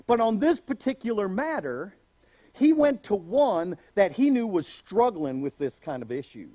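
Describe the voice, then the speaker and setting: A man pastor preaching a sermon, animated, acting out voices in the story he tells. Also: high voice, measured pace, dry recording.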